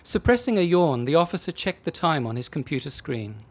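A man narrating a comic story aloud, with a somewhat high voice that rises and falls very lively. His reading is dry and expressive. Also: a little fast.

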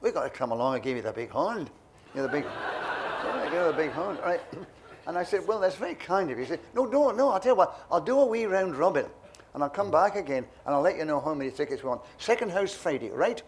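A man's voice: on the high side, quick pace. An older man being interviewed, telling anecdotes and acting out the voices of people in his stories. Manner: lively storyteller, acts out voices. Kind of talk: reminiscing anecdotes.

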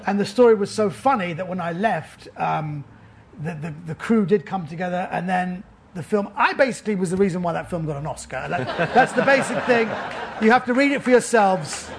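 A man's voice: high-pitched, brisk, a little hiss or hum. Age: grown man. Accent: London. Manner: stage storyteller, stammering restarts. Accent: London English. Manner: animated anecdote with stammered restarts. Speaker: author and comedian guest. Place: festival venue before a laughing audience.

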